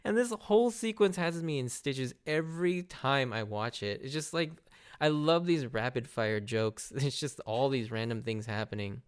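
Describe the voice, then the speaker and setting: Unhurried and clear, with a resonant mid-range voice, a man hosts a podcast recapping anime episodes. He's casual and excited throughout, laughing often and copying character lines.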